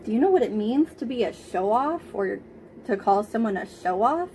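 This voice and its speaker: A woman reading a picture book aloud to young children, gently stopping to ask them questions. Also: fairly high pitch, animated, moderate pace, slight background noise.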